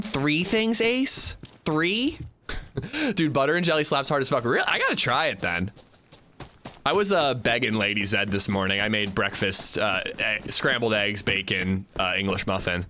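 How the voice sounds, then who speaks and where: A young man chatting casually on a gaming livestream, rambling and animated as he reads chat while playing. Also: mid-range voice, a little hiss or hum.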